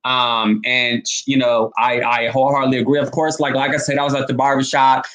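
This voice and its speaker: A man's voice: medium pitch, little pitch movement, a little fast, a bit bright. A man giving casual, emphatic commentary on a vlog, speaking in slang and addressing viewers directly. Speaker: online commentator.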